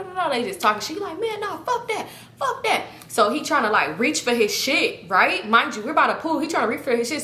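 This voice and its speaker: A woman's voice: a little high, bright, forceful tone. A young woman telling a casual story to her viewers, acting out the quotes in other voices and swearing freely. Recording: echoey room.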